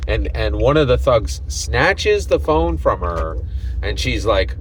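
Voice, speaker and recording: A man with a lowish voice walks through his tabletop game session in a loose, rambling way. He keeps checking in with "right?" and "you know" as he tells it. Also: animated, measured pace, a little hiss or hum, rough recording. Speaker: game master.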